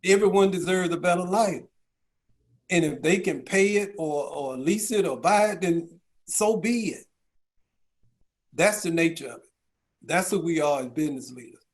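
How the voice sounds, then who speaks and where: A man's voice: on the high side, moderate pace, long pauses. A middle-aged man, a county chief executive, speaking at a business round table and telling stories with rhetorical questions and folksy asides. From Georgia, US.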